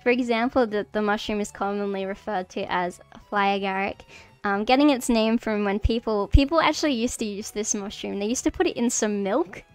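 A woman with a mid-range, smooth and clear voice gives a casual livestream lesson into a desk mic. She sounds nervous and giggles often, rambling through fillers and restarts. Faint background music plays beneath her. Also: medium pitch, a little fast. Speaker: streamer teaching mycology.

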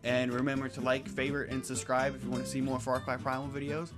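A young man doing jokey, excitable commentary while playing a video game. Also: medium pitch, fast. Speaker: gaming YouTuber. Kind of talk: gameplay commentary. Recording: game music behind.

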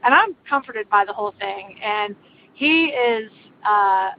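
An older woman earnestly telling a personal ghost story in a casual, meandering way, with many pauses. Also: medium pitch, lively intonation, slight background noise. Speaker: caller sharing a ghost story. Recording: slightly muffled, faint music behind.

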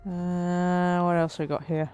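A woman's voice: fairly low pitch, flat delivery, slow pace, darkish tone, soft background music. A woman hosting a let's play, commenting on the game in a playful mock-dramatic way and laughing often. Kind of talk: gameplay commentary.

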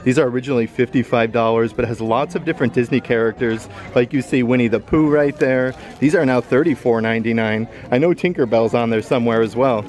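A man with a mid-range voice strolls through a shop with a handheld camera, chatting upbeat about what he sees. His casual vlogging tone keeps a steady, friendly flow as he reads out prices. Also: mid-range voice, fast, few pauses. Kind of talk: casual shopping walkthrough. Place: indoor retail store.

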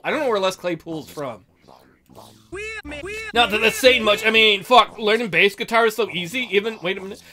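A man's voice: sits high, bright, forceful tone. A man hosting a let's play, rambling and joking with constant profanity. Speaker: gaming video host.

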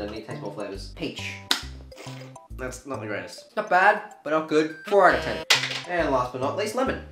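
A young man taste-testing drinks in a casual vlog, excitable and swearing freely. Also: mid-range voice. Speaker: YouTuber. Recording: echoey room with faint music.

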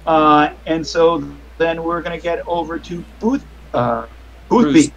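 A man's voice: on the high side, fairly even intonation, measured pace, fairly bright tone, highs cut off. A man running a tabletop game as game master, narrating in a meandering, hesitant way over online voice chat.

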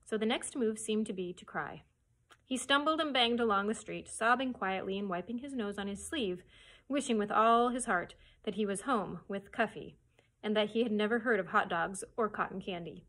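A woman librarian reads a children's chapter book aloud at story time. Her delivery is expressive, with a middle-range pitch. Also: normal speed.

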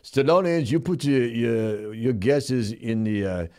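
A man with a mid-range, dark, natural voice speaks a little slowly. In a jokey live comedy bit, he plays a brash, goofy Stallone-style show host, mumbling in a tough-guy drawl while merrily bossing his sidekick and the crew.

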